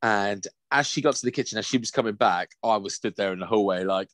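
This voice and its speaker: A man's voice: fairly low pitch, fast talker, fairly bright tone, dry recording. A man co-hosting a casual chat, telling stories in a crude, joking way. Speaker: podcast co-host.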